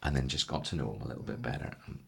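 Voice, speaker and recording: A man's voice: a bass voice, very fast, gravelly, slightly rough. A man in a casual conversation, telling stories in a reflective, earnest way.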